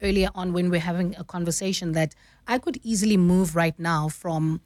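A radio news anchor explains her craft in an easy, explanatory way during a studio radio conversation, often saying "you know." Her voice is lowish, steady and a little mellow, brisk in pace, with no echo in the radio studio.

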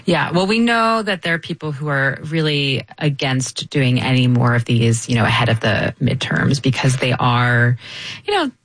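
Reporter talking fast with tons of fillers, mid pitch, dry sound. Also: a bit bright, no echo. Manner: quick, filler-heavy explaining. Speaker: reporter on a news panel. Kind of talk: panel discussion.

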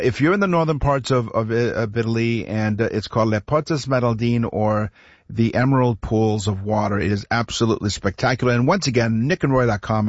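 A man's voice: mid-range voice, dry recording, highs cut off. A Canadian man co-hosting a radio talk show, telling a travel story in a rambling way, repeating words and chuckling as he goes. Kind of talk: casual radio chat, storytelling.

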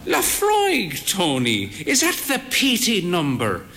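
A woman's voice: fairly low pitch, huge pitch swings, slow pace, fairly bright tone, voice pushed up, heavily acted. A man voicing a frail, proud older woman with a grand, drawling, theatrical manner.

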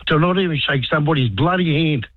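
A man's voice: fairly high pitch, fast, dry recording. An Australian man in his fifties, an army veteran calling in, indignant and blunt. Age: 50s. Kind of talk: talkback phone call. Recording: tinny phone line.

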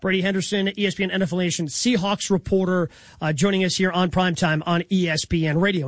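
A male sports radio host with a high-pitched voice talks through plays briskly and conversationally. The studio sound is dry and close. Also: steady tone, no room sound. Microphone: studio microphone.

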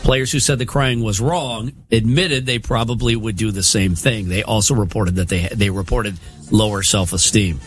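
A man's voice: on the low side, fairly even intonation, moderate pace, soft background music. A man hosting a radio show in casual chat, reading study findings aloud and riffing on them. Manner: reads study findings aloud, then riffs.

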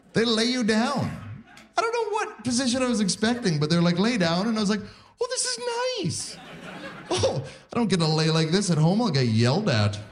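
A man in his forties from Canada doing a stand-up set, animated, jumping into high squeaky voices for his bits. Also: a little fast. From Saskatoon, Canada. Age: 40s. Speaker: stand-up comedian. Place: live comedy venue with audience. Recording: live set with audible crowd noise.

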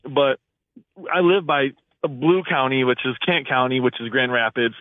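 A man's voice: mid-range voice, normal speed, no room sound. A man from Michigan calling in to a radio talk show, talking in an indignant, rambling way with restarts. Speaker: caller. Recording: phone-line call.

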